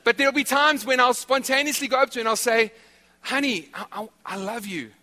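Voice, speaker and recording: A male pastor preaching a sermon, animated, repeating his key phrases. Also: very high voice, fast talker, big-room sound. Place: church hall.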